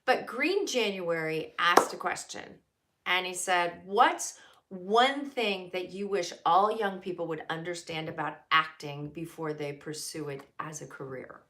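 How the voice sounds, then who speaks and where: Unhurried bright-voiced woman chatting live. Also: on the low side, a little hiss or hum. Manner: chatty, greets viewers by name, many fillers. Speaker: host of a live stream. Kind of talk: casual live-stream chat.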